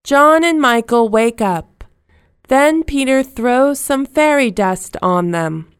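A woman narrating a children's storybook in simple, slow, clearly spoken sentences. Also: high-pitched, lively intonation, dry recording, studio quality.

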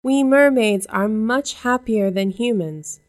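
A woman's voice: fairly high pitch, slow. A woman reading a storybook aloud and voicing a mermaid sister who scolds and brushes off her sibling. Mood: scolding.

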